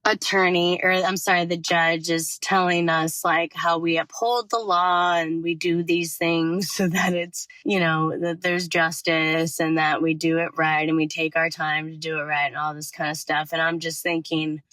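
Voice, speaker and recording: A woman podcast host telling a story in a casual monologue from her car, talking fast and out of breath, with frequent swearing. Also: deep voice, flat delivery, a bit bright, no room sound, low-quality recording. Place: parked car.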